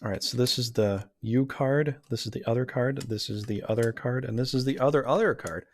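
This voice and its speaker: A man's voice: mid-range voice, brisk. A man doing a casual tarot reading who rambles, talks himself in circles and gets easily flustered. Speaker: tarot reader.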